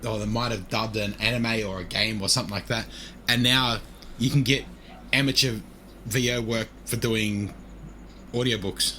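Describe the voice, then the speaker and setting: A man's voice: lowish voice, steady tone, moderate pace, bright, forceful tone, a little hiss or hum. A man co-hosting a podcast, talking bluntly with frequent swearing in casual chat. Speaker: podcast co-host.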